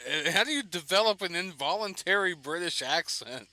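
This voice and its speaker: A man's voice: fairly high pitch, big pitch swings, moderate pace, few pauses, pushed and bright. A man giving casual, rambling gameplay commentary while streaming, swearing and laughing between asides. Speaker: gaming streamer.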